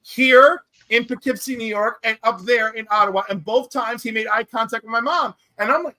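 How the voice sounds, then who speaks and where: Man, bright clear voice, dry close sound, animated storyteller, casual chat. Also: very high voice, brisk, hardly any pauses, no echo.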